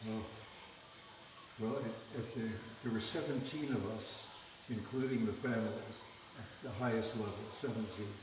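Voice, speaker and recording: An older man in casual chat, telling rambling, joking anecdotes. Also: fairly low pitch. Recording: echoey, distant with noise.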